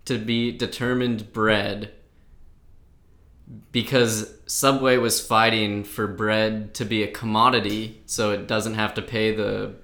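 A man's voice: lowish voice, level tone, takes it slowly, pushed and bright, reverberant. A man co-hosting a podcast in casual chat, laid-back as he plainly explains things. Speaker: podcast co-host.

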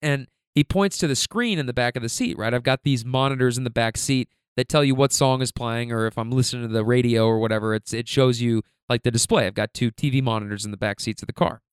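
A young man casually telling stories in an animated, slangy way, laughing often. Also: medium pitch, quick pace, few pauses, smooth, no echo, studio quality. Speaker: rideshare driver telling stories. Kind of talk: casual storytelling monologue.

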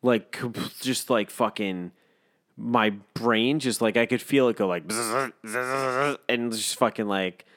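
A young man with a fairly low voice, chatting on a podcast. He swears all the time and tells stories in a rambling way, slipping into quick impressions of the people he is talking about. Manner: swears constantly, animated storytelling with impressions. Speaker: podcast co-host. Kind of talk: casual chat.

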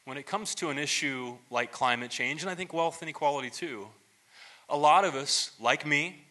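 Bright-voiced man preaching casually. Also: a little high, moderate pace. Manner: relaxed storytelling, many restarts and asides; self-deprecating humor. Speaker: pastor. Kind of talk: conversational sermon.

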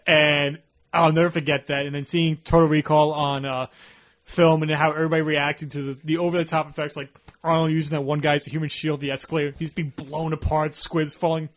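A man hosting a casual podcast, telling stories with energy and slipping into quick impressions. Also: fairly high pitch. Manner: animated storyteller, slips into impressions. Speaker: podcast host. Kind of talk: casual chat.

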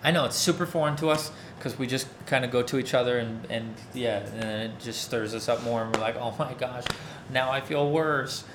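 A man's voice: mid-range voice, fairly even intonation, brisk, hardly any pauses, background noise. A man preaching a sermon in a casual, conversational way, often checking that his listeners follow along. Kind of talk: interactive sermon.

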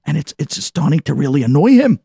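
High husky man telling a parable. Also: a little fast, dry recording, studio quality. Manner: animated parable-telling with voices. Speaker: preacher. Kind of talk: storytelling sermon.

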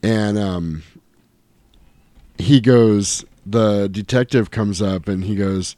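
A man's voice: on the low side, takes it slowly, dark tone, no room sound. A man casually retelling a film's plot on a podcast, acting out the characters' lines as he goes. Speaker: podcast host. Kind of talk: casual movie recap chat.

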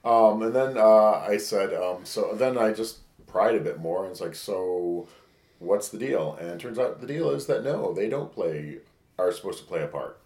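Man, low-pitched, podcast co-host, rambling candid storytelling, echoey room. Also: lively intonation, moderate pace, darkish tone. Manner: candid, rambling, acts out quoted texts. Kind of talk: casual storytelling.

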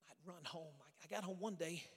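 A man's voice: fairly high pitch, moderate pace, husky. A male evangelist from Oklahoma preaching a sermon, telling stories dramatically and dropping to whispers for emphasis. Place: church sanctuary. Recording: long church hall reverb.

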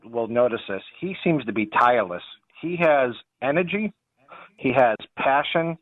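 A man with a Boston accent calling in to a radio show, making his case earnestly with halting restarts. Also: mid-range voice, no echo. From New Hampshire. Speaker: caller. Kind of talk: call-in radio talk. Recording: dull phone-line call audio.

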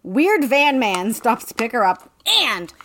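A woman's voice: on the high side, slow, a little hiss or hum. A woman co-hosting a casual podcast, recapping a book with lots of swearing and joking. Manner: profane, joking, animated retelling with quoted voices. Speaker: podcast co-host.

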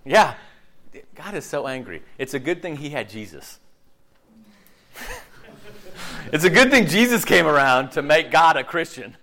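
A male minister delivering a chatty, humorous sermon. His voice sits a little high and sounds sharp and bright. He keeps turning to his listeners with questions. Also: unhurried, long pauses. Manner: joking, animated, asks the room questions. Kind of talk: conversational sermon.

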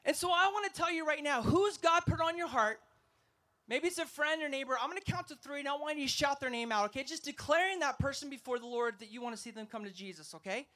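A man preaching an energetic sermon to a festival crowd, emphatic and asking the audience to respond. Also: extremely high pitch, quick pace. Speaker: evangelist speaker.

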